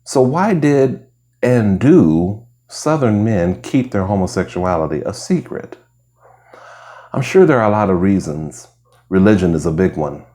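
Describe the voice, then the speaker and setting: A man with a very low voice reads essays aloud for ASMR listeners. His delivery is slow and hushed, drifting into whispers at times, on a plain lo-fi recording. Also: animated. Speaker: reader. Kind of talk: soft ASMR reading of essays. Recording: lo-fi home recording.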